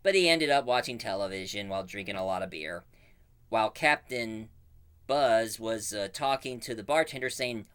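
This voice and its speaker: A man casually retelling a cartoon plot as a reviewer, with animated storytelling full of fillers. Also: on the low side, normal speed, smooth.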